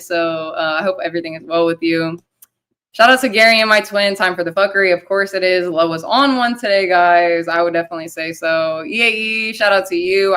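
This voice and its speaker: Bright-voiced woman hosting a livestream. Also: medium pitch, clear, resonant tone. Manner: rambling, loose and profane, reading chat shout-outs. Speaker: livestream host. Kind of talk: casual livestream chat.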